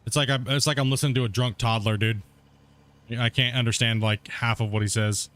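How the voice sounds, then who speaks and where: A man's voice: mid-range voice, fairly even intonation, fairly quick, fairly bright tone. A man, streaming a game and chatting casually with viewers, rambling and laughing often. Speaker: gaming streamer. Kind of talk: casual let's-play commentary.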